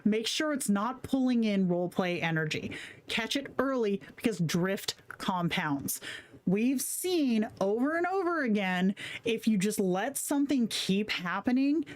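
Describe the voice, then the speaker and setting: A woman hosting a live stream, chatting casually with slang and swearing while reading chat comments aloud. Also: a little high. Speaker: livestream host.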